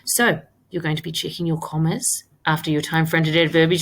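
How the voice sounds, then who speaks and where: Encouraging woman teacher, lowish voice. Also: a bit bright. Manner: encouraging, stresses key words and repeats them. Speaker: primary school teacher. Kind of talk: recorded remote lesson for children.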